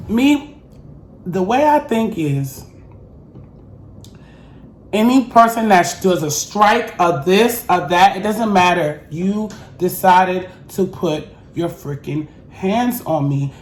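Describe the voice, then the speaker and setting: A woman's voice: on the low side, darkish tone. Woman ranting thru a story time vlog, blunt n cussing, roomy echo. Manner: blunt, heated, profane storytelling. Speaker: vlogger. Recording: roomy echo, faint noise.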